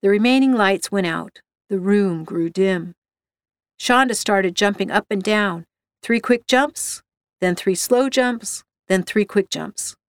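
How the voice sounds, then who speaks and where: A woman reading a short story aloud with a steady, even storytelling delivery. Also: medium pitch, slow, dry recording. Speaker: narrator.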